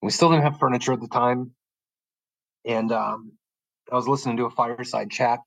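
A man's voice: medium pitch, steady tone, moderate pace, creaky, a bit bright, no room sound, low-quality recording. A man telling his personal faith story as a podcast guest, earnest and rambling, often restarting his sentences, speaking from his bedroom at home. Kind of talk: personal faith testimony in conversation.

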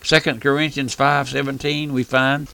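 A man's voice: mid-range voice, little pitch movement, normal speed, creaky, bright, forceful tone, smooth. A man preaching a folksy radio sermon, emphatic and full of rhetorical questions.

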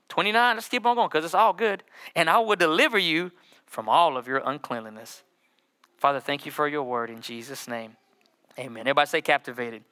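A middle-aged man preaching a sermon as pastor, joking with the congregation and drawing out scripture slowly. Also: fairly high pitch, pushed and bright. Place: church sanctuary with congregation.

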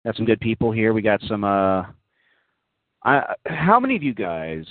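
A man's voice: fairly low pitch, huge pitch swings, moderate pace, dry recording. A man hosting a casual online radio talk show, rambling in a mock-serious way with many fillers, heard as tinny, phone-like audio. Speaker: host.

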